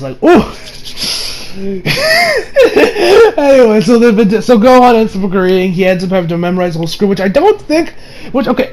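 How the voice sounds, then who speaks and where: A man casually reviewing an anime episode, animated and swearing freely, acting out characters with big voice swings and laughs. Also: high-pitched. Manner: swears freely, many fillers.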